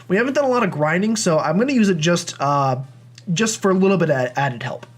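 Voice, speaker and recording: A young man talks through a video game playthrough, commenting on every move. His voice sits high for a man. He rambles, jokes about himself and chats casually with his viewers. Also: lively intonation, brisk. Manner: chatty, rambling, self-deprecating. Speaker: let's play host.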